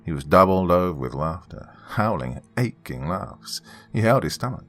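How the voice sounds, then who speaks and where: Deep-voiced man narrating a horror story. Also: very animated, normal speed, soft background music.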